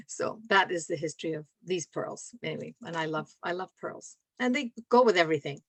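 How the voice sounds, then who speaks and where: A woman's voice: on the low side, animated, moderate pace, vocal fry, husky, dry recording. Scottish woman in her sixties, chatty. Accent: softened Scottish. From Scotland. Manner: warm, rambling, laughs often. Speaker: guest speaker. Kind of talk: casual chat on a video call. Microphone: video call.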